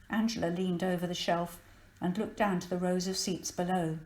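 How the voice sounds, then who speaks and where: A woman reading a children's storybook aloud in a clear, expressive manner. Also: on the low side, normal speed, echoey room, low-quality recording. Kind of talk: children's book read-aloud.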